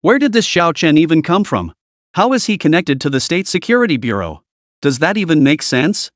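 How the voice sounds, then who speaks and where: Brief: a threatening, brash middle-aged crook, fairly high and lively, as a male narrator plays him, dry sound. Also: brisk, no room sound. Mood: hostile. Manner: blustering, threatening.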